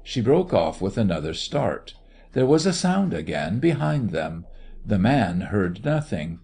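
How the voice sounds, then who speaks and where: A man narrating a story in a measured, expressive reading voice. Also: on the low side, gravelly, a little hiss or hum. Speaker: audiobook narrator.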